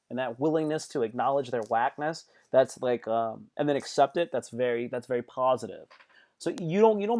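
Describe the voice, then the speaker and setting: A man's voice: medium pitch, a little mellow. A man hosting a live stream, giving casual motivational talk in slangy speech that repeats phrases and acts out angry outbursts.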